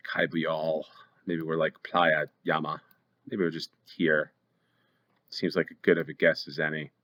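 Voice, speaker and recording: With a bright-toned bass voice, this American man hosts a geography game that viewers can play along with, mulling over every guess with hesitant ums. The audio quality is dull.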